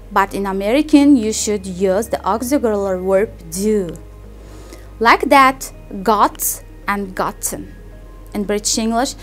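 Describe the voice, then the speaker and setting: Young woman giving a careful class talk. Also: fairly high pitch. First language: Uzbek. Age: young adult. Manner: careful, deliberate explanation with repeated example words. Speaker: student presenter. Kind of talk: classroom presentation.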